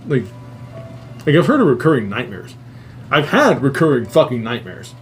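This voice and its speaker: A man hosting a live stream, casually retelling a story in a rambling, animated way and swearing a lot. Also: medium pitch, moderate pace, soft background music. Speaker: livestream host.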